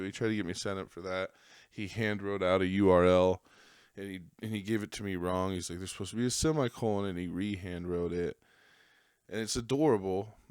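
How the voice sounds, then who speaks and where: Low voiced dude rambling and cussing, laughs at his own stuff, dead dry close mic. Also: clean tone, no echo. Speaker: podcast host. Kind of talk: casual storytelling monologue.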